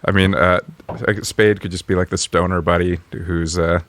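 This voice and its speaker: Deep-voiced chuckling man. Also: little pitch movement, moderate pace, fairly bright tone, no echo. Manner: easygoing, chuckling often. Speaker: podcast co-host. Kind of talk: casual comedic brainstorming chat.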